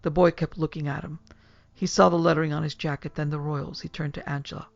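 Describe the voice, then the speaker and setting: A woman narrating a horror story in a hushed, measured way. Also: low voice, little pitch movement, creaky, no echo, highs cut off. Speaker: narrator and producer.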